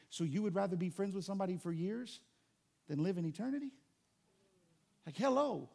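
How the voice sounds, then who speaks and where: A man preaching a sermon as pastor, animated and conversational, with joking asides to the congregation. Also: sits high, brisk, gravelly, long pauses.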